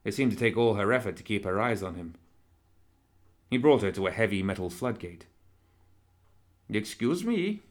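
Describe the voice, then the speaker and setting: Measured low-voiced male narrator. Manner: measured, even storytelling. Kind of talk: audiobook narration.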